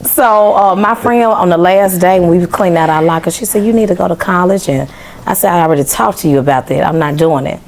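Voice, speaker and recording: A woman's voice: on the low side, fast, a little hiss or hum. A young woman from Memphis, a podcast guest telling her story in casual chat and acting out the dialogue. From Memphis, Tennessee. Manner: animated, acts out quoted dialogue.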